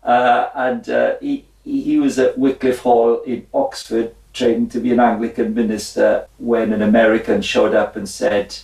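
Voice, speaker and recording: Brief: man in his 60s, gravelly low voice, animated storyteller, echoey room with the mic at a distance. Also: normal speed, hardly any pauses. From Wales. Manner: animated, laughing, acts out his own side of dialogue. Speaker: guest, former footballer and minister. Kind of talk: conversational storytelling.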